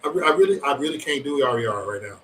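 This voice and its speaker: A man's voice: mid-range voice, expressive, rapid-fire, a bit bright, distant mic, low-quality recording. A man hosting a livestream, chatting casually with viewers in profane, rambling banter and joking threats. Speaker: livestream host.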